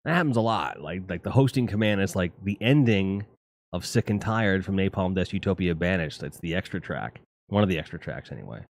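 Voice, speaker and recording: Low-voiced rambling streamer man. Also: a little fast, creaky, no room sound. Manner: rambling, profane, animated music opinions. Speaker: streamer host. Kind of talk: casual live-stream chat.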